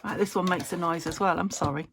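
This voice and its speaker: A woman's voice: lowish voice, fairly even intonation, fast talker, very noisy. A woman vlogging about her crafts, chatting casually and thinking aloud as she works, sometimes half-whispering. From United Kingdom. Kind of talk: casual crafting chat to camera.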